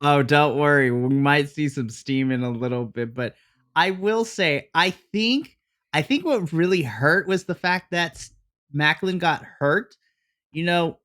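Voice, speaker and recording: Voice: mid-range voice, unhurried, fairly bright tone. Laughing podcast co-host recapping storylines. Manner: laughs often, explains storylines step by step. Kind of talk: casual wrestling review chat.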